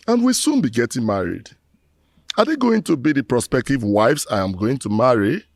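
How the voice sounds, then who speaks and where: A man's voice: medium pitch, gravelly, a little mellow, no room sound, exaggerated voice. A Nigerian-accented actor playing a disgraced man who solemnly laments to his ancestors in proverbs, in a Nollywood film drama.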